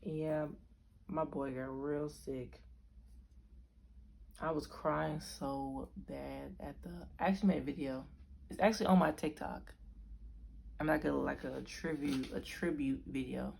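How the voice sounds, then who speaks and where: Low, gravelly young woman vlogger. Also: steady tone, unhurried, long pauses, darkish tone. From Arizona. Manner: rambling, self-correcting, chatty. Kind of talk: casual storytelling to camera.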